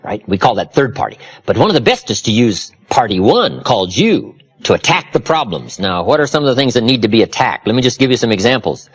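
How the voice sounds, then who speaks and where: Male motivational speaker, husky, very animated pitch, preacherly emphasis. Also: a little fast, few pauses. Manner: preacherly, dramatic swings from low confiding to loud emphatic. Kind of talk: motivational seminar talk.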